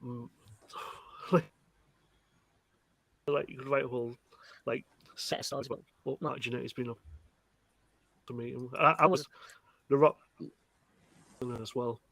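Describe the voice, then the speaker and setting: Gravelly man, halting and dry. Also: mid-range voice, steady tone, fairly bright tone, no echo. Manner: halting, full of "like" fillers. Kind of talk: casual chat.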